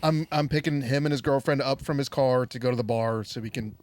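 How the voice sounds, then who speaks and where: Chatting casually as a podcast co-host, a young man recounts a story with animated energy, doing voices for the people he quotes. He speaks briskly in a mid-range voice.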